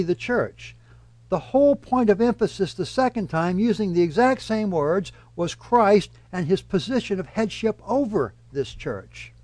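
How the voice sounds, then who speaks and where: A man with a high, light voice preaches a verse-by-verse sermon. He builds his points steadily and leans hard on key words. The sound is dry and close, with no room around it. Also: a little mellow, dry recording. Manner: measured, emphatic teaching delivery. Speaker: pastor.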